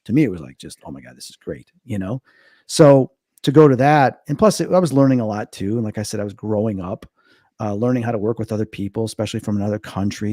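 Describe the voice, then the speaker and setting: A man in his fifties from Chicago, a medium being interviewed, telling stories quickly and acting out quoted dialogue. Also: dry recording, studio quality. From Chicago, USA. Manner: fast, animated, acts out quoted dialogue with big pitch jumps. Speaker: guest, medium and paranormal investigator. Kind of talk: casual interview storytelling.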